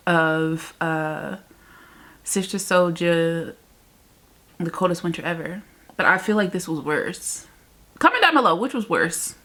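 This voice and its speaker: In a relaxed reading vlog, a woman chats about a book she has just completed, getting emotional, wandering off topic and often letting out exasperated laughs. She speaks in a lowish, gravelly voice.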